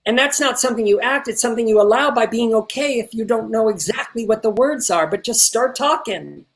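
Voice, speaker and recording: Animated man coaching actors over a video call. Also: extremely high pitch, a little fast, few pauses. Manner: animated, swears casually, repeats words when excited. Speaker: acting teacher. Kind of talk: coaching an actor in an online workshop.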